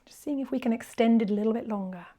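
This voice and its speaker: A woman with a fairly high voice guides a yoga class. She speaks softly and kindly, often sinking into a near-whisper as she counts the breaths. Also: very fast. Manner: soft, gentle and encouraging, slipping into near-whispers on breath counts. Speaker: yoga teacher. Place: indoors, quiet room with birds faint outside.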